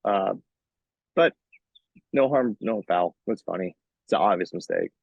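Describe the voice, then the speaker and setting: Man, metal vocalist, podcast guest, gravelly, low-pitched, swears and laughs, dull lo-fi dry sound. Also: measured pace, no echo. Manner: animated storyteller, swears, laughs often. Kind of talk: casual interview chat.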